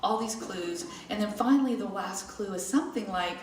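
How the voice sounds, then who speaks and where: A middle-aged woman telling a personal story to a live audience in a chatty, animated way, acting out the people in it. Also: mid-range voice, normal speed. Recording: echoey room, mic at a distance, faint noise.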